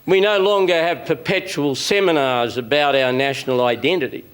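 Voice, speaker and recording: An older man, a former national leader, speaking in a documentary interview with a measured, insistent manner that sometimes repeats words. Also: fairly high pitch, fairly bright tone, smooth.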